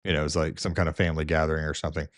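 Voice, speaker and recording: A man's voice: rumbling low, flat delivery, rapid-fire, dry recording, clean studio sound. A man who works as a nurse tells shift stories in a casual, rambling way, with many fillers and restarts. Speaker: nurse and video host. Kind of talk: casual storytelling.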